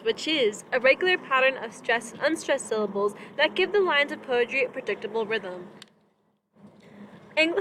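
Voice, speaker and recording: High, bright young woman stumbling through terms. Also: a little hiss or hum. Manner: giggly, stumbles over technical terms. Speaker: presenter. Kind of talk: reading a prepared lesson.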